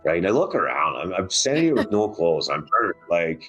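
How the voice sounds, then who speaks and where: A man with a very deep, husky voice tells his survival story first-hand. He speaks rawly and intensely, his voice rising and falling with feeling, over faint music. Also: animated, normal speed, fairly bright tone. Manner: raw, intense, voice rising and dropping with emotion. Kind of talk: emotional first-person storytelling.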